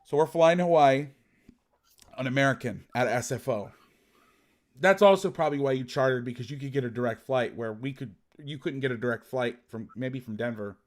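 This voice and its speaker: A man hosting a football podcast, chatting casually and telling an animated, profane story. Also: medium pitch, fairly quick. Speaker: podcast host and football coach. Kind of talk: casual chat.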